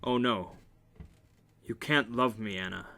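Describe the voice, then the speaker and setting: A man voicing a guarded, anguished young male lover in a quiet, hushed tone while reading a novel aloud. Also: mid-range voice, slow, vocal fry, full character voice.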